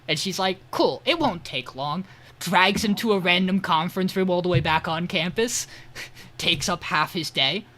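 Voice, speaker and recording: A man co-hosting a podcast, casually recapping an episode with animated storytelling and swearing, over a remote call. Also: high-pitched, moderate pace. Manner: animated retelling, swears, quotes characters. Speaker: podcast co-host.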